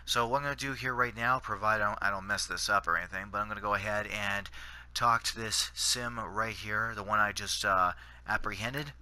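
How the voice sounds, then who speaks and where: A man's voice: fairly low pitch, fairly even intonation, brisk, sharp tone. A Canadian man giving rambling gameplay commentary, full of fillers and restarts. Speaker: gaming channel host.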